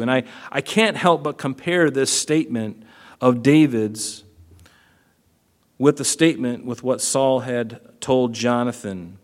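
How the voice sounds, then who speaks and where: Male pastor, relaxed teaching sermon, talks straight to the congregation, plays out the voices he quotes. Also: mid-range voice, unhurried. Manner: conversational, asks the congregation questions, acts out quoted lines.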